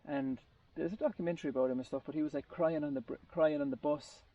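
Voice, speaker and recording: A man's voice: a little high, fairly even intonation, fast, dark tone. A man telling a long story in a casual group talk, rambling and often restarting his sentences. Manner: rambling, searching for words with restarts. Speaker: group participant. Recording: distant muffled lo-fi recording.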